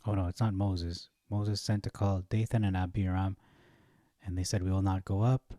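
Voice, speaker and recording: A man with a low, mellow voice works through scripture verse by verse. He thinks aloud, stops on fillers and corrects himself as he goes. The recording is close and dry. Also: flat delivery, normal speed, no echo. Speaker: Bible study teacher. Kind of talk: reading and commenting on scripture.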